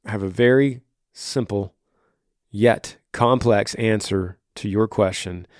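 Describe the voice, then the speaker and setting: A man hosting a podcast, answering a listener's question on faith with passion, swinging between hushed and raised delivery. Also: fairly low pitch, dry recording, studio quality. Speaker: podcast host.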